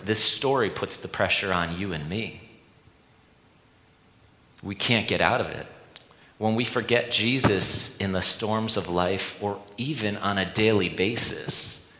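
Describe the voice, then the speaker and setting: A man delivers an earnest sermon to a church gathering, his voice sitting low with a bright, forceful tone. He repeats a refrain and often restarts his words, all in an echoey hall with long reverb.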